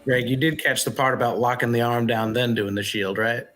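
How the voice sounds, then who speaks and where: A man's voice: medium pitch, fairly even intonation, brisk, a bit bright, faint music behind. A man playing a tabletop game, cracking jokes. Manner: joking, wisecracking. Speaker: player.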